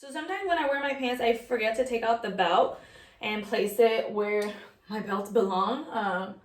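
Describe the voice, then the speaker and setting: A woman's voice: a little high, moderate pace. A young woman vlogging casually in her walk-in closet at home, chatty and slangy, a little out of breath. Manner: chatty, slangy, drops Spanish phrases. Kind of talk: casual chat.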